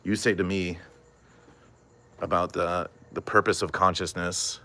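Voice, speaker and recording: A young man with a very low voice talks loosely on his stream, full of "like" and "um". He wanders through a story and stops to answer chat messages. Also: level tone, unhurried, bright, forceful tone. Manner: rambling, many fillers, reads and answers chat. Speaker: comedian streamer. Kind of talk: casual livestream chat.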